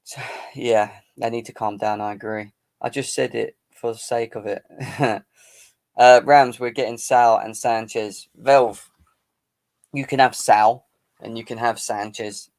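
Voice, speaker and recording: Man, live-stream host, boisterous banter, teasing, average pitch. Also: steady tone, unhurried, a little mellow. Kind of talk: casual live-stream football chat.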